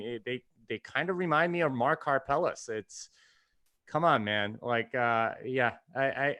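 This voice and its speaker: Male podcast guest, smooth and clear voice, dry close sound, loose explaining full of fillers. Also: medium pitch, sharp tone, dry recording. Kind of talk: casual chat.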